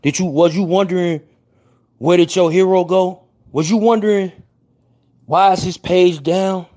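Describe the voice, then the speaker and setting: This livestream host is a young man from Chicago with a Chicago accent, talking casually to viewers in brash street slang and apologizing over and over. His warm voice sits high, with fairly even intonation and a measured pace.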